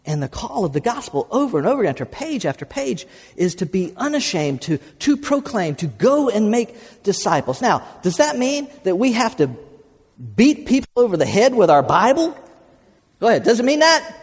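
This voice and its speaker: In a reverberant sanctuary, a pastor whose slightly rough voice sits high and swings widely in pitch preaches at a moderate pace. Folksy storytelling fills his sermon, and he keeps prompting the congregation to call back.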